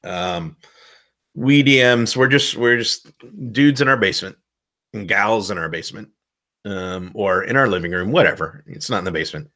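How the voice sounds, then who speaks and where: A man giving casual advice as a game master, loose and self-deprecating, rambling with a relaxed tone. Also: fairly low pitch, normal speed. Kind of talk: casual instructional talk.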